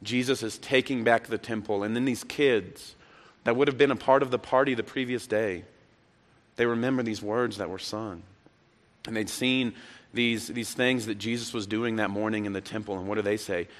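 A man's voice: lowish voice, steady tone, moderate pace. A man preaching a sermon as pastor to a live congregation, impassioned and emphatic, repeating words as he builds. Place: church sanctuary, live congregation. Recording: echoey church hall.

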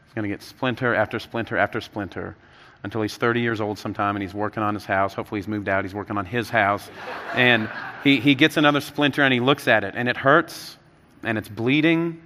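A man in his thirties preaching a sermon, telling stories with animated rises and dropping soft and low for earnest points. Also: a little fast, big-room sound, a little hiss or hum. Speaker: pastor.

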